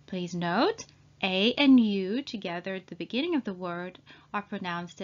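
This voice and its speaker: A woman language trainer giving an English pronunciation lesson, saying each word slowly and spelling out its sounds. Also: medium pitch, big pitch swings, highs cut off. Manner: slow, deliberate, spells out sounds.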